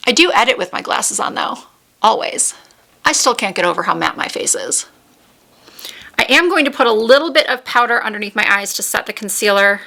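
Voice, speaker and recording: A beauty vlogger chats casually while trying new makeup on camera in a room at home with a window, narrating each step of the process. Her voice is on the high side, animated and brisk, bright and forceful, with some vocal fry.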